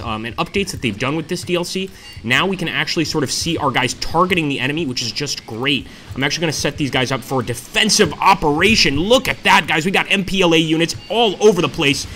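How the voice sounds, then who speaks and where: A man talking through a strategy game as he plays it, excited and chatty, forever calling out to his viewers. His voice has a bright, forward edge, with a faint hiss under it. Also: on the high side. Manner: enthusiastic, keeps addressing viewers as guys. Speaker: gameplay commentator. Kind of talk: let's-play commentary.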